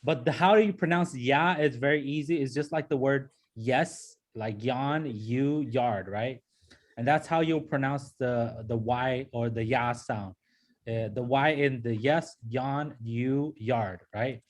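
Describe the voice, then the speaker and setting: In an unhurried, mid-range voice, a language teacher leads a class through pronunciation. He repeats sounds patiently and keeps checking in with "okay?" and "right?"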